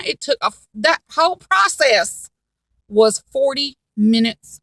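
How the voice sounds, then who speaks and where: Woman, high bright voice, animated, blunt, cussing, casual storytelling, dry close sound. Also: takes it slowly, no room sound.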